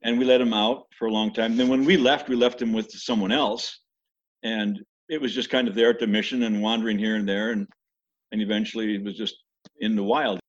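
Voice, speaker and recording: An older man tells stories in a loose, rambling way, full of restarts and asides. His voice is a little husky, and the recording sounds dull and lo-fi. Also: lowish voice, little pitch movement, fairly quick. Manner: rambling, many restarts, imitates animal screams. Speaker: interviewee recalling mission life. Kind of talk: casual storytelling.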